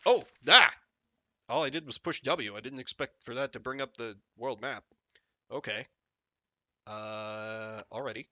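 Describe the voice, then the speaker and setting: A man's voice: mid-range voice, measured pace, no room sound. A man streaming a text game live, reading the story aloud and joking about it. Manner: jokey, animated, reads game text and riffs on it.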